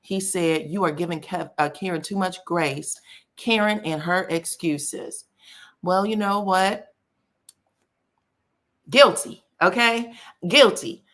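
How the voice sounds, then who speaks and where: A woman's voice: on the low side, a little slow. A woman hosting a casual live gossip stream, chatting to viewers and reading their comments aloud. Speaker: celebrity gossip host.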